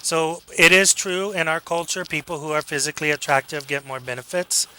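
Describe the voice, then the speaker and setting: A man giving a casual classroom lecture, joking with students, acting out quick examples and checking in with a frequent "okay?". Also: on the high side, pushed and bright, smooth, dry recording, rough recording. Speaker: college lecturer.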